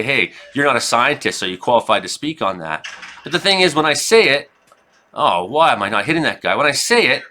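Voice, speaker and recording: A Canadian man giving casual, rambling commentary over his own gameplay, shifting between chat and loud reactions. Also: mid-range voice. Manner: rambling, excitable, reacts loudly to hits. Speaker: gaming streamer and weather forecaster.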